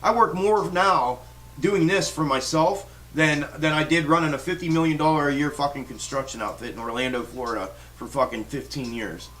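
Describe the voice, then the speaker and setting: A man's voice: a little high, moderate pace, fairly bright tone, distant mic, slight background noise. A man hosting a stock trading livestream, ranting in a fired-up, profane way with lots of restarts. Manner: fired-up, swears constantly, rambling restarts. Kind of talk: profane live-stream rant.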